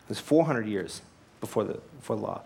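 A man's voice: fairly low pitch, expressive, brisk, gravelly, a little mellow, slightly rough. A man preaching a sermon, earnest and emphatic, asking rhetorical questions and telling anecdotes. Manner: tells anecdotes with light laughs. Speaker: pastor.

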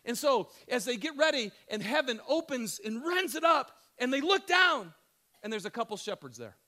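A man preaching a sermon, conversational and animated, swinging from loud excited questions to hushed emphatic lines. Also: very high voice, brisk. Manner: conversational, addresses crowd as "you guys". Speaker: pastor.

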